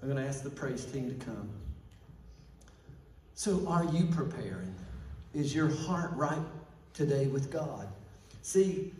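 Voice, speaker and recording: A man's voice: mid-range voice, lively intonation, slow, long pauses, a little mellow, a little hiss or hum. A man preaching a sermon as pastor, fervent, calling out to the congregation for responses. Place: church sanctuary. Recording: echoey church from far off.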